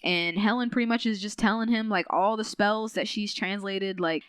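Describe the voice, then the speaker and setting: Smooth-voiced woman recapping a story. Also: normal speed, dry recording. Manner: chatty, filler-heavy retelling with lots of "like"; animated, quotes characters with shifting pitch. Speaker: podcast host. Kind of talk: casual book recap.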